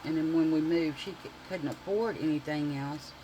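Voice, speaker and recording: A man telling a profane, animated childhood story to his viewers while doing makeup. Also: on the high side, normal speed, heavy background noise. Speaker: beauty vlogger.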